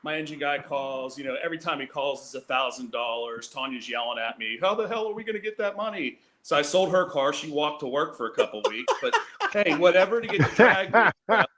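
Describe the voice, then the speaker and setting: A man's voice: mid-range voice, lively intonation, brisk, sharp tone, slight background noise. A man who races cars, telling a rambling, self-mocking road story with laughs over a video call. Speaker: guest drag racer.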